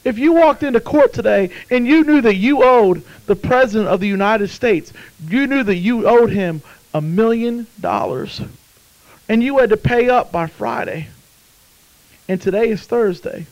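A man preaching a sermon, swinging between hushed storytelling and loud, fervent exclamations. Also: high voice, lively intonation, normal speed, dull audio. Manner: impassioned, swings from hushed to shouting.

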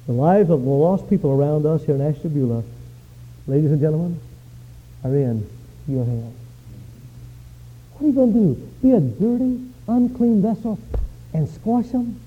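A male pastor preaching a sermon, telling stories with lively swings from quiet to shouting. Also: fairly high pitch, moderate pace, pauses often, breathy edge. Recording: dull lo-fi sound.

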